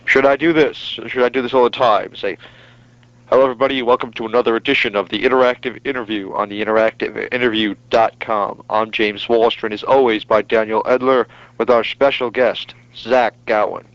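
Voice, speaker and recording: A man doing a deep announcer voice. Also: fairly even intonation, a little fast, a bit bright. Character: deep pronounced announcer voice, male. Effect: echo effect. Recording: muffled lo-fi audio.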